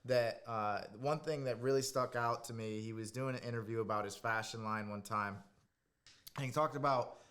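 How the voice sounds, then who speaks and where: A man hosting a podcast, upbeat and quick to laugh. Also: medium pitch, fairly bright tone. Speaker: host. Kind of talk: casual podcast chat. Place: restaurant.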